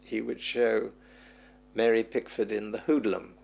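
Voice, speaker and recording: Soft background music plays as a man with a lowish, creaky voice speaks unhurriedly. He's being interviewed as a film historian, reminiscing at length and bringing quoted people to life by acting out their voices.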